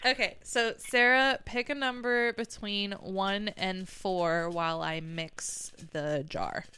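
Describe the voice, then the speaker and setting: Female host, casual chat, smooth and clear, relaxed pace, laughs a lot. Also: mid-range voice, takes it slowly. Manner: giggly, animated storyteller. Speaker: teacher.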